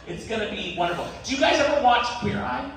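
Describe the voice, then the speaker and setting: High, lively man hosting stand-up. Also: fast, gravelly, crowd noise. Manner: rambling, self-deprecating, laughing through lines. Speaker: comedy show host. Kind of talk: stand-up comedy. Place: live comedy venue on stage. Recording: echoey room, distant mic, loud noise.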